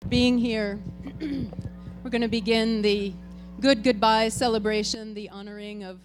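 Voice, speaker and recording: Chatty higher-voiced woman hosting a ceremony. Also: steady tone, measured pace, over music. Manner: chatty and informal, talking straight to the crowd. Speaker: board president hosting a farewell tribute. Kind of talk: ceremony address to a congregation. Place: church hall with an audience.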